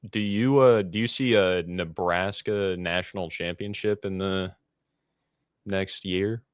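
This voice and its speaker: Laid-back low-voiced co-host. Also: male voice, steady tone, slow, clean tone, no room sound, clean studio sound. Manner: laid-back, brief joking interjections. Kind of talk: casual sports betting talk.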